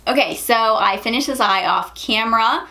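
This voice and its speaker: A woman's voice: a little high, noisy background. A young woman vlogger chatting casually about makeup and telling a story, full of "like" and "um". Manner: chatty, lots of "like" and "um", quick laughs. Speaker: beauty vlogger.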